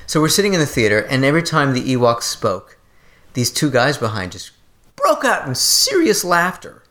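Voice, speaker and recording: Podcast co-host, a woman, joking, lively pitch, casual banter. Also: moderate pace. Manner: playful, joking, animated.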